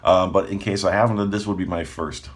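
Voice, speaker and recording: Low-voiced guy doing a chill coaching vlog, keeps going "right?", laughs a bit. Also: brisk. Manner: relaxed, conversational, frequent "right?" check-ins, laughs often. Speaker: manifestation coach. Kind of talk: casual talk to camera.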